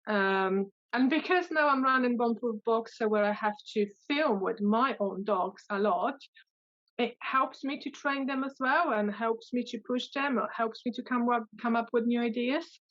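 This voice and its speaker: A woman's voice: a little high, normal speed, a bit bright, muffled recording. A woman dog trainer answering interview questions in a hesitant way, with many fillers and restarts.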